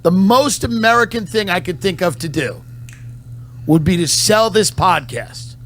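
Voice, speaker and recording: Male comedian with a slightly high voice, slow deadpan delivery, mock-solemn patriotic speech, a faint hum behind him. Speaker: comedian and podcast host. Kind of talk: satirical mock-patriotic monologue.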